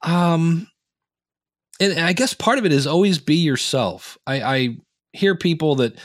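A middle-aged man giving podcasting advice as a guest in a casual interview, telling stories in an animated way and acting out the people he quotes. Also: on the high side, normal speed, no echo, studio quality. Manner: animated storyteller, acts out quoted voices.

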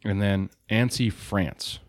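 Low-voiced man hosting casual chat. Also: fairly even intonation, measured pace, no echo. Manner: joking, reads lists of places. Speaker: podcast host. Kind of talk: casual chat reading event news.

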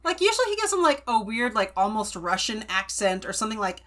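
A woman's voice: a little high, sing-song, fast talker, a bit bright. A young American woman co-hosting a podcast, chatting playfully and wryly about a book with her co-host. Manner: playful, wry. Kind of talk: casual book-club chat.

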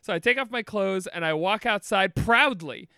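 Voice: mid-range voice, normal speed, bright, forceful tone, smooth, dry recording, studio quality. A podcast host in casual comedic chat, telling stories in a playful way with frequent laughs.

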